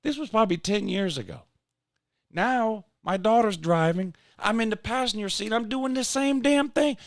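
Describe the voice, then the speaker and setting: A man, hosting a casual chat and telling a story in a self-mocking way, sometimes loud and sometimes mumbling. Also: high voice, normal speed, dry recording, clean studio sound. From Georgia, US. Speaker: podcast host.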